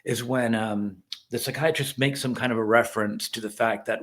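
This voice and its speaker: A middle-aged man speaks as a reverend in a casual video, reviewing a film. His delivery is earnest but rambling, full of halting starts. His voice sits in an ordinary middle pitch. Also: steady tone, fairly bright tone.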